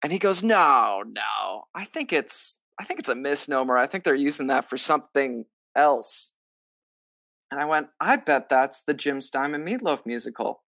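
A man, a stage actor, telling a story in a casual interview, lively and acting out what others said, with lots of filler "like"s. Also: mid-range voice, moderate pace, vocal fry, no echo, studio quality. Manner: animated, acts out quoted lines; many filler likes. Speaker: musical theater actor, guest.

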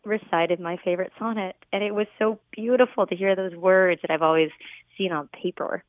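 A woman calling in to a radio show, telling a story in a warm, gushing and somewhat halting way. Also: on the low side, fairly even intonation, no room sound. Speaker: caller. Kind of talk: telling a story on a phone call. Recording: tinny phone line.

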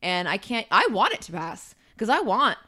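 A woman's voice: mid-range voice, big pitch swings, moderate pace, pushed and bright. A woman co-hosting a podcast in casual political chat, ranting and swearing freely. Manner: profane, ranting, full of fillers. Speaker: podcast co-host.

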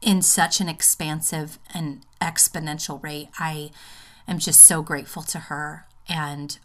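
Woman, low voice, podcast host, earnest heartfelt monologue, rambling with fillers, at home. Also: level tone, unhurried. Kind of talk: personal monologue. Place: home, just out of the bath.

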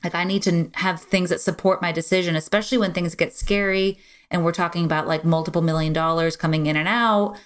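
A woman's voice: on the low side, brisk, hardly any pauses. A middle-aged woman, a business owner guesting on a podcast, telling her story frankly and casually with lots of "like" and "you know.". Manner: frank, energetic, many fillers like "like" and "you know".

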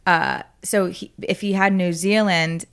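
A woman's voice: on the low side, steady tone, unhurried, a bit bright, smooth. A woman guest on a podcast in casual chat, laughing often and chatting eagerly. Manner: giggly, chatty.

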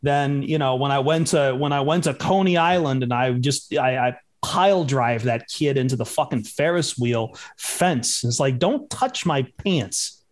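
A man's voice: medium pitch, moderate pace, few pauses. A young man co-hosting a sports betting podcast, cracking jokes in brash, swearing tough-guy rants. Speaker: podcast co-host. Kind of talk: joking sports betting banter.

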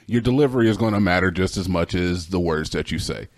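A man's voice: deep voice, fast talker, no echo, clean studio sound. A man co-hosting a podcast, laying out his view step by step in a casual chat. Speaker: podcast co-host.

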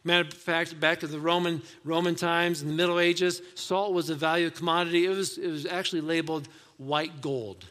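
High-voiced man preaching in a reverberant hall. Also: steady tone, fairly quick, few pauses, bright, forceful tone. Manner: conversational preaching with rhetorical questions. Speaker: pastor. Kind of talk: sermon.

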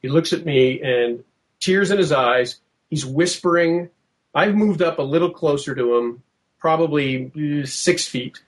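A man recounting a tense field investigation in casual storytelling, lively and quoting himself, with frequent restarts. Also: a little high, measured pace. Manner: animated, acts out quotes, many restarts.

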